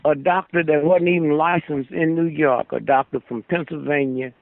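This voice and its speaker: An older man talks as a radio guest in a preachy, rambling monologue and keeps pressing his listener for agreement. His voice is gravelly and sits a little high for a man. It comes through a thin, tinny phone line with a dry sound. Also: fairly even intonation, moderate pace. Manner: preachy, asks "Hmm?" for agreement.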